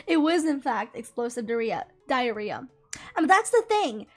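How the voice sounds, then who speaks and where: A woman's voice: high voice, big pitch swings, moderate pace, soft background music. A young woman YouTuber telling a story to the camera in a casual, chatty way, laughing as she goes. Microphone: camera mic, close to the camera.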